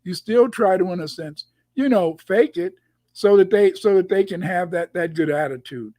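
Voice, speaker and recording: A man's voice: sits high, animated, moderate pace, mellow, no room sound. A man on a video call, chatting casually and telling stories, often repeating his words as he rambles. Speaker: guest commentator. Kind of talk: casual conversation.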